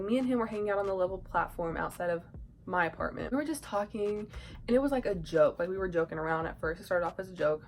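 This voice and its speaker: Lively young woman telling a story. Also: fairly low pitch, a little hiss or hum, poor audio. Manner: animated storytelling, acts out quotes with laughs and whispered asides. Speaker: YouTuber. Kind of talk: casual storytime vlog.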